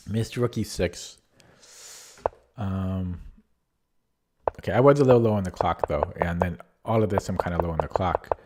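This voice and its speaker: A man's voice: lowish voice, background noise. A man commentating his own online chess games casually, thinking aloud with many fillers and restarts, his voice getting worn out. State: losing his voice. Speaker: chess streamer.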